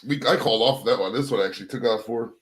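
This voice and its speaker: Talking at a quick pace in a mid-range voice, a young man runs a casual livestream indoors at home. His chat with viewers is rambling and full of swearing.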